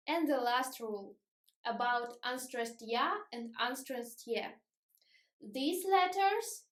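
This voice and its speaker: A tired woman whose first language is Russian teaches a beginner lesson at a very slow, patient pace. Her voice sits high, and it is filled out with fillers and soft laughs. The room gives it a noticeable echo.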